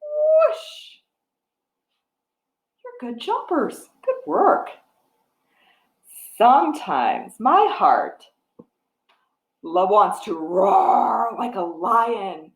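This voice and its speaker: A woman leading a children's storytime, her voice rising and falling in lively swoops as she reads slowly and warmly encourages the kids to join in. She sits a little high in her range, and the sound carries a roomy echo. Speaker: children's librarian. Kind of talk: storytime reading for young children. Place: library room.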